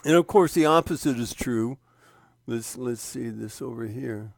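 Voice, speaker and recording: A man in a dry, close recording, explaining a chart at a slow, unhurried pace. He often stops, restarts his sentences and points at spots on the screen. His voice sits at a medium pitch. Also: creaky, a little mellow, no room sound. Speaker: trading instructor. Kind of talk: screen-share walkthrough of a trading indicator.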